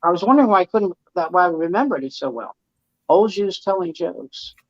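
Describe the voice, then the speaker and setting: A comedian guest tells anecdotes in a casual chat, acting out the quoted dialogue and restarting often. His high-pitched voice is lively and a little fast. The lo-fi recording sounds dull and dry, with no echo.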